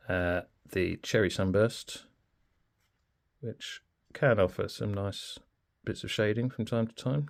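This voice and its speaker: Deep gravelly man reviewing pens. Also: darkish tone. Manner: chatty, informal, thinking aloud. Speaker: pen reviewer. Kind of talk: casual product review.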